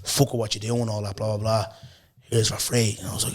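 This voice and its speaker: A young Irish man hosting a podcast, telling a story in a casual chat, animated and laughing often as he acts out what people said. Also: mid-range voice, fast. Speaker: podcast host.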